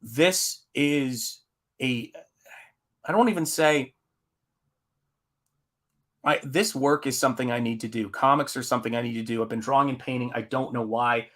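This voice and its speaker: Male streamer, bright tone, rambling and chatty while reading chat. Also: medium pitch, normal speed, pauses often. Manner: rambling, reads chat aloud with fillers. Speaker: comic artist hosting a live stream. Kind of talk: casual live-stream chat.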